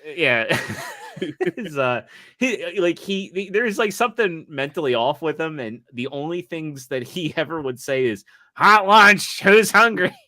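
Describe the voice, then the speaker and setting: A man's voice: on the high side, expressive, measured pace, a bit bright, no room sound, studio quality. A man hosting a casual online show, rambling and laughing as he tells stories. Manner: rambling, laughs often, restarts. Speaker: podcast host. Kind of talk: casual chat.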